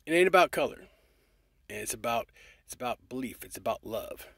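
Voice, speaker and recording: A man's voice: medium pitch, expressive, a little fast, gravelly, a bit bright, breathy edge, no echo, clean studio sound. A man talking straight to his viewers in a rambling, affectionate, profane motivational monologue. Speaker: vlogger.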